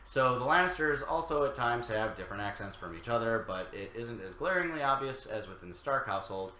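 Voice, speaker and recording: A man co-hosting a reaction show, reading viewer comments aloud with halting fillers. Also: medium pitch, animated, sharp tone, reverberant.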